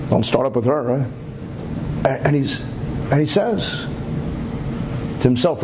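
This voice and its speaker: Animated male rabbi telling a story. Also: mid-range voice, unhurried, long pauses, background noise. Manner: animated storyteller, asides and rhetorical questions. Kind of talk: Torah lecture storytelling.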